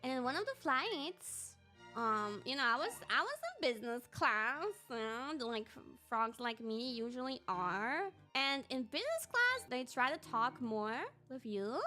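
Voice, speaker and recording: Woman from Austria, livestream host, animated giggly storytelling, bright sharp voice. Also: high voice, measured pace, faint music behind. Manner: animated and giggly, with lots of "like" fillers.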